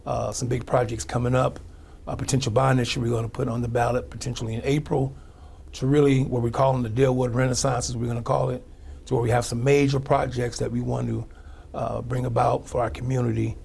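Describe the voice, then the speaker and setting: A St. man, a small-town mayor, answering interview questions in a gravelly voice. He talks loosely and conversationally over faint background noise. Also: mid-range voice, little pitch movement, fairly quick, darkish tone. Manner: conversational, with frequent restarts and fillers. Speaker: mayor, guest.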